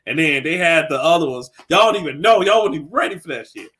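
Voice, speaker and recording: A young man co-hosting a casual gaming podcast chat, excitable and animated, laughing often as he talks. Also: on the high side, fast. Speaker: podcast co-host.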